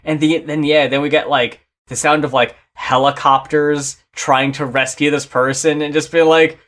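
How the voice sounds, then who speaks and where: A man's voice: a little high, little pitch movement, normal speed, fairly bright tone. Enthusiastic swearing man reviewing albums. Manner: enthusiastic, swearing, reads notes aloud. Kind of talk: casual reaction chat.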